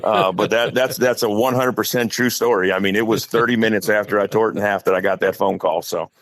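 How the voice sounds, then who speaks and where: A man's voice: on the low side, fairly even intonation, a little fast, dry recording. A middle-aged man from Wisconsin with an Upper Midwest accent, a coach telling a long, rambling story as a podcast guest. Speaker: guest, high school head football coach.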